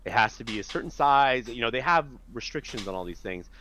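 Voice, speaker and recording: Animated man telling stories. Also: mid-range voice, brisk, slight background noise. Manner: animated storyteller, acts out quoted voices. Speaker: guest. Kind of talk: casual storytelling chat.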